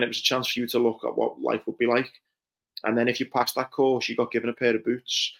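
Flat-voiced man recounting Marine training. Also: mid-range voice, gravelly. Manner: earnest, reflective, many fillers like "you know". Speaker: guest, former Royal Marine. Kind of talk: conversational interview storytelling.

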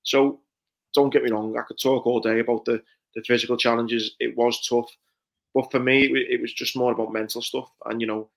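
Flat-voiced man recounting Marine training. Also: medium pitch, fairly quick, creaky. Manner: earnest, reflective, many fillers like "you know". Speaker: guest, former Royal Marine. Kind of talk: conversational interview storytelling.

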